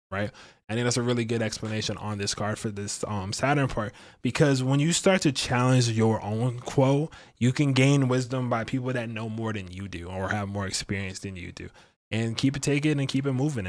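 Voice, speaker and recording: Hosting a tarot and astrology livestream, a man chats in a relaxed, playful way, laughing at himself and peppering pauses with "um" and "like." His voice sits in the mid range.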